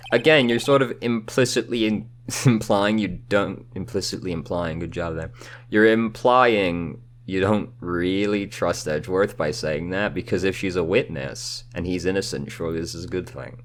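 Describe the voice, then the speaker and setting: Deep-voiced casual let's play guy. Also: moderate pace, slight background noise. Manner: chatty, swears casually. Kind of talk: casual gameplay commentary. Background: video game music.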